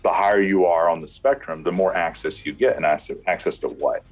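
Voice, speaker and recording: Very deep-voiced man telling a story. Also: faint music behind. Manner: storytelling, with halting restarts. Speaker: former church security team member. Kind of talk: recounting events in an interview.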